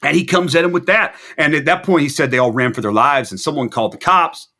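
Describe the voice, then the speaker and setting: Bright-voiced man telling a rambling tale. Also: a little high, fast talker. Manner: rambling anecdotal storyteller, animated quoting. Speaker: musician guest. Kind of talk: casual storytelling interview. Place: video interview.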